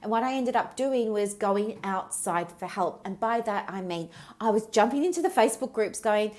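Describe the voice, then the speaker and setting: A woman's voice: medium pitch, lively intonation, normal speed, a little mellow. A middle-aged woman hosting a solo podcast, telling a story from her practice in a candid, chatty way and drifting onto tangents. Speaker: podcast host and business mentor.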